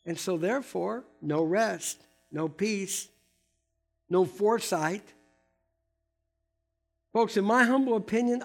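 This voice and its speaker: An older man preaching a sermon, emphatic and repeating key words, swinging between loud stresses and hushed asides. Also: sits high, vocal fry. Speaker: pastor.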